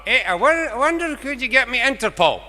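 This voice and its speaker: A man voicing an old rural Scottish farmer who talks politely and haltingly, with long hesitations. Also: very high voice, sing-song, bright, forceful tone, pitched above the performer's own voice, full character voice. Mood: polite, hesitant. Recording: echoey concert hall.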